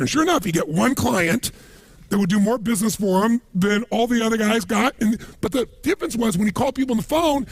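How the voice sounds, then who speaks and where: A man giving a motivational seminar talk, telling stories in an animated, emphatic way. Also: high voice, vocal fry, husky, no echo. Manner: animated storytelling with emphatic asides. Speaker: motivational speaker.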